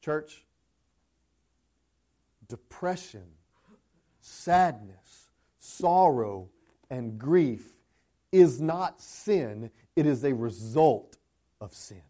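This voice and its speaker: A male pastor preaching a sermon, swinging between hushed, tender passages and impassioned climbs. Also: medium pitch, lively intonation, very slow, long pauses.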